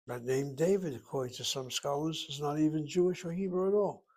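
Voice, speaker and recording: A man's voice: on the high side, fairly quick, darkish tone. A man teaching a Hebrew class, lecturing in a precise, explanatory way with digressions.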